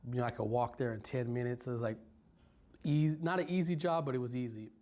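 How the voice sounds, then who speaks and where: A man in his forties from Stockton, California, telling his life story in an interview, reflective and halting with many pauses and ums. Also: mid-range voice, darkish tone. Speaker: violence prevention worker. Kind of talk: personal story told in an interview.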